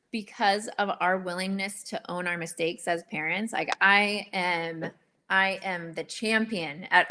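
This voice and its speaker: Bright-voiced earnest woman. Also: on the low side. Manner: earnest, candid, animated storytelling. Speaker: guest. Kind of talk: casual interview.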